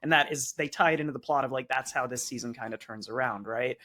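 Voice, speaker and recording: A man co-hosting a podcast in casual chat, relaxed and thoughtful, bringing up points from his notes. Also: medium pitch, quick pace. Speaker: podcast co-host.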